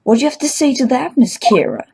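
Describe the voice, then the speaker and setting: A woman's voice: sits high, big pitch swings, fast, vocal fry, very noisy, voice pushed up, exaggerated voice. A woman voicing an earnest young male defense lawyer, reading his accusation and correcting slips. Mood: accusing. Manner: reading aloud, self-correcting.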